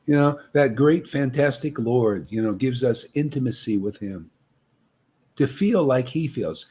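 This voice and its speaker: A man's voice: medium pitch, lively intonation, unhurried, darkish tone, breathy edge. A man preaching to a devotee meetup, taunting and confrontational, often ending phrases with "man" and "see?". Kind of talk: impassioned street-style preaching.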